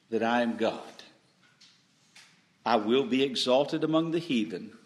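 A man preaching a sermon, rising to loud emphatic peaks and dropping to quiet asides, often stammering and restarting. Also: medium pitch, expressive, slow pace, pauses often. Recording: echoey room.

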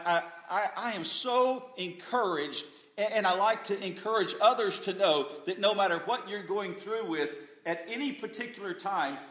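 Slow, emphatic preacher man in echoey room. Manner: swings from loud emphatic peaks to quiet, low asides, with repeated stammered restarts. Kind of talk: sermon.

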